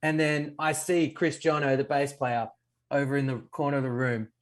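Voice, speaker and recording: A male guest bass player telling an easygoing, self-mocking story in casual chat. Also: little pitch movement, moderate pace.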